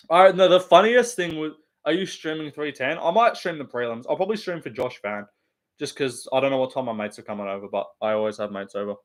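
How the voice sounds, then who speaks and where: A young man rambling casually and profanely on a live stream, laughing often and reading chat. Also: mid-range voice.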